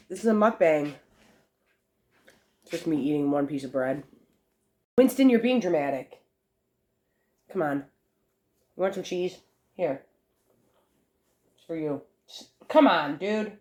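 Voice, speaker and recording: A young woman vlogs casually from her family room, her voice sitting on the low side. She rambles from topic to topic and swears freely in a relaxed, chatty way. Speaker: vlogger. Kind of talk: casual chat to camera.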